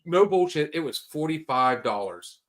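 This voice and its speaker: A man co-hosting a laid-back podcast, his voice sitting a little higher than most men's. He tells his stories with animated energy and swears freely along the way. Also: moderate pace. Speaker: podcast co-host. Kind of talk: casual chat.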